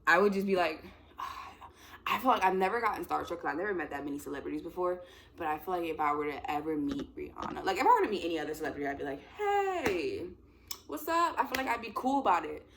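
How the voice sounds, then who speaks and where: A woman's voice: low-pitched, quick pace, background noise. A young woman in her twenties chatting casually to camera, rambling with lots of "like" and frequent laughs. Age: 20s. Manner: rambling, animated, full of "like" and laughs. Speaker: vlogger. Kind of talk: casual chat.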